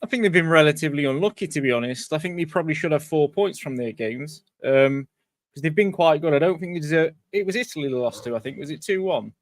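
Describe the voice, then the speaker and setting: A man's voice: a little high, fast talker, no echo. Man on a dry, close mic. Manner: relaxed, conversational. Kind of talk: casual football chat.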